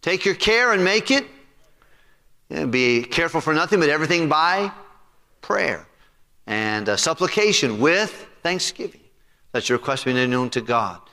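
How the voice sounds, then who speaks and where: Pastor, male, forceful bright tone, preaching sermon with call-and-response questions, church hall reverb. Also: mid-range voice. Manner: preaching with rising emphasis and congregational questions. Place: church sanctuary.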